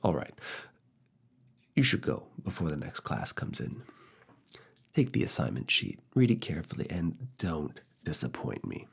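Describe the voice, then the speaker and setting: A man voicing a strict, teasing male university professor in a slow, soft, deliberate whispered role-play. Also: a bass voice, sing-song, creaky, breathy edge, heavily acted. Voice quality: soft, hushed, often whispered. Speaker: ASMR roleplay creator.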